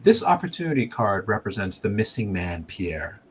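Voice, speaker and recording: A man's voice: lowish voice, sing-song, normal speed, breathy edge. A man running a tabletop game as game master, describing scenes and explaining rules.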